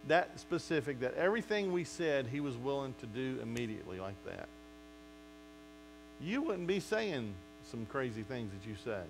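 A man's voice: fairly high pitch, slight background noise, poor audio. A male pastor preaching a sermon, acting out quotes from his listeners and talking straight to them. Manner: animated preaching with acted-out quotes.

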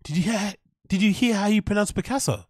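Animated, laughing man reacting to a clip. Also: high-pitched, brisk, dry recording, studio quality. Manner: laughs often, gleefully repeats mispronounced names. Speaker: reaction video host. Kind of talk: reaction commentary.

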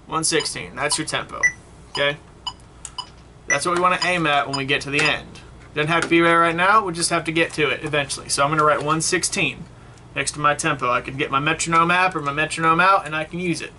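A man's voice: fairly high pitch, fairly even intonation, fast talker, background noise. A man teaching a saxophone lesson, explaining step by step and often checking in with "okay?" and "right?". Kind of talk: online music lesson.

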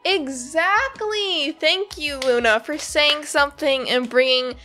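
A woman's voice: sits high, takes it slowly, bright, forceful tone, soft background music. A woman reading a comic aloud and reacting casually, bubbly and giggly, gushing about the characters and rambling with lots of fillers.

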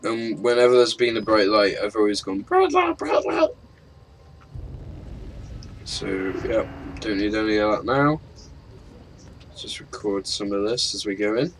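A man's voice: fairly low pitch, steady tone, moderate pace, a little hiss or hum, rough recording. A man giving casual let's-play commentary as a gaming YouTuber, rambling and self-mocking in an offhand way.

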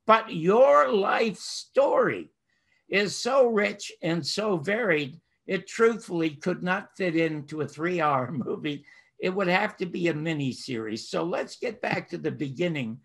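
A man's voice: high-pitched, lively intonation, measured pace, gravelly, fairly bright tone, husky. An older man interviews his guest with effusive, emphatic enthusiasm. He winds through long, rambling questions in a slightly raised voice. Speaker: host. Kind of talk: talk show interview.

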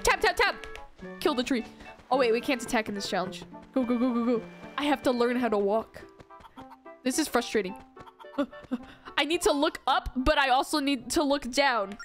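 A woman's voice: sits high, animated, normal speed, pauses often, faint music behind. A young woman giving live, playful commentary while playing a video game, giggling often and poking fun at herself. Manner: giggly, playful, self-mocking. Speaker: streamer.

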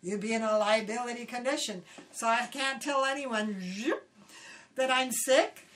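An older woman from Hawaii, casually telling animated stories in an interview and acting out quoted voices. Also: on the high side, measured pace. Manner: animated, acts out quotes loudly, laughs often. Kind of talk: casual storytelling. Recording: voice somewhat distant from the mic.

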